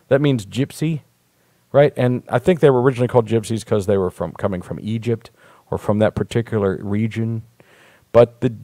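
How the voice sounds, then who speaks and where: Guy hosting a live stream, lowish mellow voice, crude rambling chat, dry sound. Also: no echo. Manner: blunt, profane, rambling storyteller. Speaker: talk show host. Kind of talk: casual live-stream monologue.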